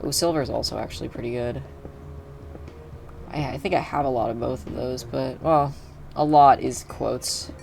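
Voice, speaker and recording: A man's voice: mid-range voice, moderate pace, vocal fry, long pauses, darkish tone, slight background noise. A young man streaming a video game, chatting casually in a rambling way with lots of fillers and restarts. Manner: rambling, filler-heavy, self-interrupting. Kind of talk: casual gaming livestream chat.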